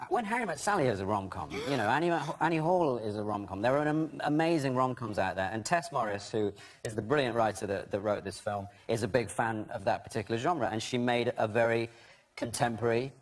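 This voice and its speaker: Male actor guest, animated storytelling, restarts, mid-pitched voice. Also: fairly quick. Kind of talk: talk show anecdote.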